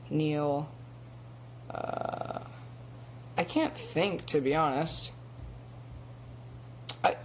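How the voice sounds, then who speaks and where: A man's voice: fairly high pitch, a little hiss or hum. A teenage boy chatting casually on a phone live stream, rambling with lots of ums and little laughs. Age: teens. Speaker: young actor live-streaming. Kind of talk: casual chat.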